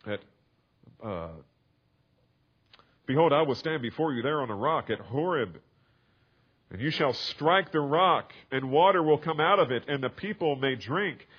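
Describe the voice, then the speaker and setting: A man's voice: fairly high pitch, expressive, a little slow, long pauses, breathy edge, muffled recording. A man preaching a sermon, explaining a scripture passage step by step and building to emphatic, raised passages. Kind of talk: sermon, expository Bible teaching.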